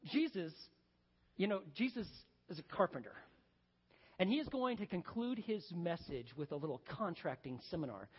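A man preaching a sermon, telling folksy stories and swinging between loud, lively bursts and hushed, slow emphasis. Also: high-pitched. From Texas. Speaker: pastor. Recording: dull, echoey hall recording.

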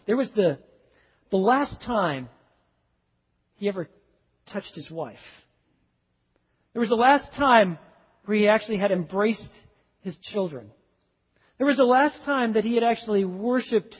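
A man preaches with a fairly high, husky voice, dropping to near whispers and then rising to loud, urgent emphasis. The recording is muffled and lo-fi, with a long echo from a large hall. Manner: dramatic preaching, swings from hushed to loud. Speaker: pastor. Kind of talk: sermon.

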